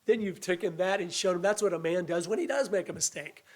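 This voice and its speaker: A high-voiced man delivering a sermon. He speaks earnestly and conversationally, with a voice that sounds a little weak. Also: fast talker. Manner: earnest, conversational preaching with restarts and acted quotes. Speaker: preacher.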